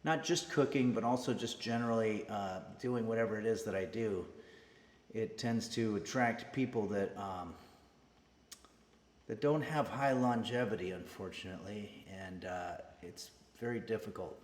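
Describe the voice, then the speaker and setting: A man hosting a cooking stream, chatting casually and hesitantly to viewers with many pauses and fillers. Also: fairly low pitch, reverberant, big-room sound. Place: home kitchen streaming setup.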